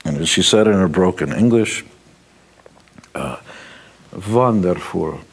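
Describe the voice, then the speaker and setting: A man with a very low, husky voice hands out advice in a blunt, emphatic manner. He talks in a motivational style and slips in wisecracks as he goes. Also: lively intonation, measured pace. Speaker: interviewee giving success advice. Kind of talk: motivational talk.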